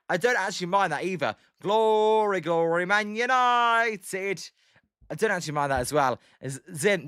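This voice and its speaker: British man, live baseball play-by-play, jokey chat replies, bright voice, high-pitched. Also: no echo, studio quality. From Britain. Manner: excitable, jokey, reads out and answers chat viewers. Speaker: livestream baseball commentator.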